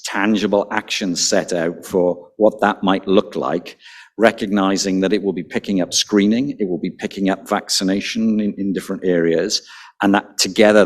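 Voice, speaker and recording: A man leads a panel discussion in a very deep voice. He speaks thoughtfully and often doubles a word at the start of a phrase before going on. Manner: thoughtful, repeats words when starting sentences. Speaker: panel moderator.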